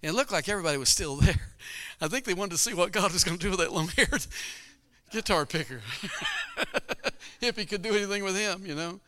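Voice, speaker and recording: A middle-aged man preaching a sermon through a personal story, his voice bright and crisp. He talks in a folksy, storytelling way and laughs often as he goes. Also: sits high, brisk. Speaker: pastor. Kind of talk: sermon testimony.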